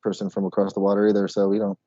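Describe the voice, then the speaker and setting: An American man co-hosts a podcast with quick, rambling, swear-laced chat. His voice is mellow and darker than most, though mid-pitched. The mic sounds dry and a bit dull. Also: completely flat delivery, no room sound. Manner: rapid, rambling, swears casually. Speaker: podcast co-host. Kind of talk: casual chat.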